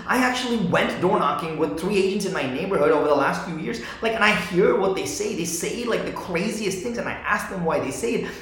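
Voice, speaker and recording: A man telling a story in a casual monologue as a real estate coach, animated and restarting his sentences. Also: medium pitch, heavy reverb.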